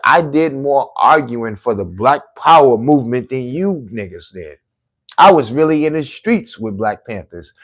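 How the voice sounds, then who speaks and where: A man with a New York accent talking casually on a livestream, preachy and heated, going from low murmurs to loud rants. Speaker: livestream host. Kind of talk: casual livestream monologue reading chat.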